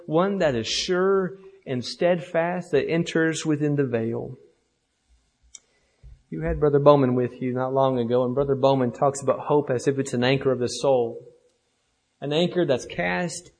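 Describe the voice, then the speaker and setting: A young man delivers a sermon at an ordinary middle pitch. He builds impassioned, rhythmic repetitions and lets phrases sink to a soft finish. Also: low-quality recording. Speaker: preacher.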